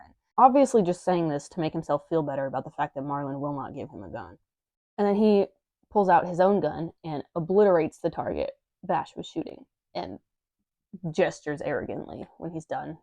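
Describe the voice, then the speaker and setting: Young woman, casual scripted review, wry and playful, low pitch, dark tone. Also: dry recording. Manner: chatty, wry, playful asides. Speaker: manga reviewer.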